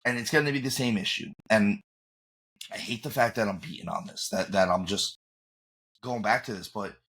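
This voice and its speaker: A man's voice: lowish voice, normal speed, fairly bright tone. A man co-hosting a podcast in casual chat, opinionated and emphatic, often restarting his sentences. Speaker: podcast co-host.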